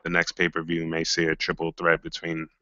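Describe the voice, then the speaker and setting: A man's voice: sits low, monotone, brisk, sharp tone, no echo, muffled recording. A man co-hosting a casual wrestling podcast, laid-back and chiming in with short remarks. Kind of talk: casual chat.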